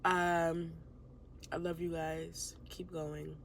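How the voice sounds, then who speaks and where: Slangy young woman, gravelly voice. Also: fairly low pitch, unhurried, slight background noise. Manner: slangy, rambling, emotional. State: tearful after long crying. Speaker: vlogger. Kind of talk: casual talk to camera. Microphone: phone camera.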